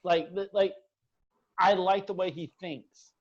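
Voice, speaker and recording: Podcast guest, male, high pitch, animated casual talker, muffled lo-fi recording. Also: slow pace. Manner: animated, swearing, mocking impressions. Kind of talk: casual chat.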